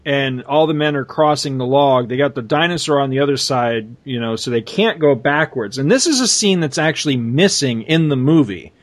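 A man's voice: mid-range voice, normal speed, few pauses. A man in casual chat, animatedly retelling a comic story and laughing often.

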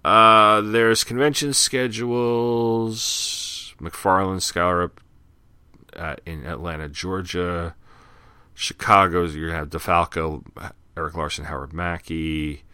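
A man with a very low voice and a bright, forceful edge hosts a solo podcast. He rambles conversationally with plenty of fillers, recorded dry and close. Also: flat delivery, unhurried, clean tone, no echo. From Long Island, New York. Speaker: podcast host. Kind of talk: casual solo podcast commentary.

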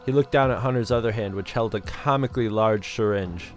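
A man's voice: fairly low pitch, brisk, few pauses, soft background music. Man narrating a horror story.

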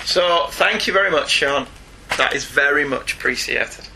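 A man's voice: on the high side, sharp tone, a little hiss or hum. A middle-aged British man co-hosting a podcast, reading out listener emails in a chatty manner with frequent laughs. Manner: chatty, slows down and laughs often. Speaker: podcast co-host.

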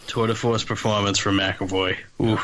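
Bright, eager man chatting on a call. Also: lowish voice, level tone, moderate pace, slight background noise. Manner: enthusiastic, opinionated. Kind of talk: casual chat. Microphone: online call.

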